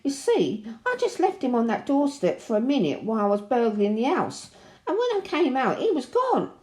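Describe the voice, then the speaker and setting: A woman voicing a chirpy female burglar who is a mother, talking in an excitable, chatty way. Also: high-pitched, moderate pace, voice pushed up. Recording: roomy echo.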